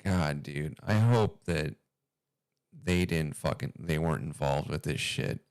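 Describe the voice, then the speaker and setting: A man's voice: a bass voice, a little slow, a little mellow, clean tone, no room sound. A man hosting a commentary video, talking casually in a rambling, uneasy and profane way.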